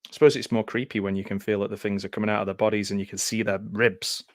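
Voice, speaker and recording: A man's voice: fairly low pitch, flat delivery, fast talker, no room sound, studio quality. A man hosting a casual live film commentary from home, chatty and often laughing. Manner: chatty, laughs often, loose aside-filled talk. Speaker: host.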